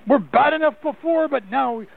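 A man's voice: extremely high pitch, moderate pace, gravelly, voice pushed up. A man voicing a ranting, preachy old religious caller on a voicemail. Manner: thundering, preachy condemnation. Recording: tinny phone line.

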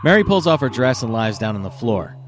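A man hosting a podcast, casually telling a dirty joke in a profane, animated way. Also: mid-range voice, fairly quick. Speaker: podcast host. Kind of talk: casual comedic storytelling.

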